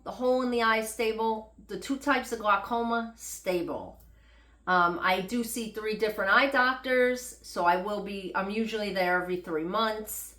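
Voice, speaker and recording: Middle-aged woman, casual vlogger, chatty and self-mocking, mid-pitched, echoey room. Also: fairly bright tone. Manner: rambling, chatty, self-deprecating humor. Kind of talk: casual unedited health update vlog.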